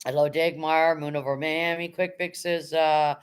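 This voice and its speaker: A woman's voice: deep voice, fairly even intonation, moderate pace, clean tone. A middle-aged woman hosting a casual livestream from home, reading viewer comments aloud and thanking them in a chatty way. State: emotional, near tears when talking about her late dog. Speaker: livestream host reading chat.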